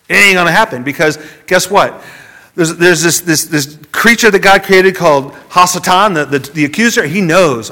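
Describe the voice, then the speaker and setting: A man preaching a sermon, dropping from loud emphasis to a hushed near-whisper and often repeating words as he goes. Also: high voice, moderate pace. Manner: repeats words as he searches for phrasing.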